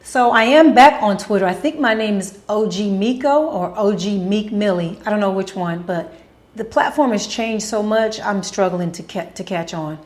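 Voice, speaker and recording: A woman's voice: mid-range voice, moderate pace, a little mellow. A woman hosting a casual Q&A vlog, answering questions bluntly, with strong opinions and profanity. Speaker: host answering viewer questions.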